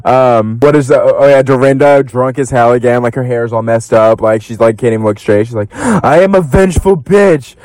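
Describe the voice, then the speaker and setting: Young guy podcast host dishing reality tv gossip, lots of "like" and "um", swears a lot, jumps way up high quoting people, dry close sound. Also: a little fast, hardly any pauses, clear, resonant tone, dry recording, low-quality recording. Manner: animated, lots of fillers, swears, breaks into high-pitched quoting. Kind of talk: casual gossip commentary.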